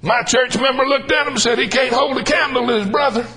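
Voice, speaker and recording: A man's voice: extremely high pitch, fast, sharp tone, low-quality recording. An older man preaching a humorous sermon, folksy and drawling, calling out lines for emphasis.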